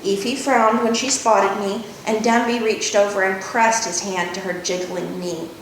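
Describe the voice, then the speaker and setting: A woman author reading her novel aloud in measured first-person narration. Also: fairly even intonation, distant mic. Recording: echoey room, faint rumble.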